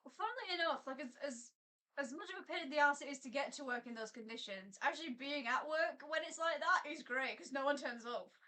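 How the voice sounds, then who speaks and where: A woman's voice: high voice, lively intonation, a little fast, bright, forceful tone. A woman with a British accent, chatting casually on a live stream and grumbling wryly about work and the weather. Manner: wry, grumbling banter. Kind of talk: casual chat.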